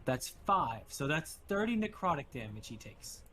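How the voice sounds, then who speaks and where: A man's voice: on the high side, very animated, moderate pace, bright, forceful tone, slight background noise. A man playing in a casual tabletop game, thinking aloud about his spells and swearing now and then. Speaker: player.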